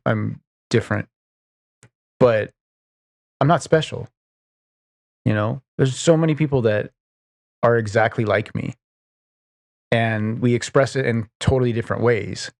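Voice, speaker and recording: A man's voice: mid-range voice, vocal fry, no room sound, clean studio sound. A man hosting his own podcast, chatting casually in a rambling, profane way with lots of "like" and "you know". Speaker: podcast host. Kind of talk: casual solo chat.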